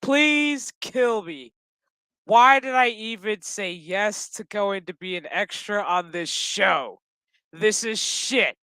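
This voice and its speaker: A speaker putting on a fed-up man complaining profanely about being choked on a set, in a slow whiny grumble. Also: mid-range voice, animated, bright, forceful tone, clear, resonant tone, dry recording, full character voice. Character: miserable male extra being choked, fed up.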